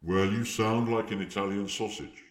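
A man's voice: fairly low pitch, steady tone, moderate pace, roomy sound, close to an everyday voice. A man voicing a dry, aloof and weary magic mirror spirit.

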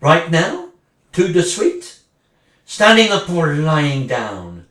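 A woman's voice: sits low, very animated, slow pace, fairly bright tone, full character voice. A woman acting a sarcastic, wounded wife who is leaving her husband, speaking one side of a phone call in a dramatic monologue. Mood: furious. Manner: sarcastic, swinging between mocking and furious. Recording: roomy, distant mic.

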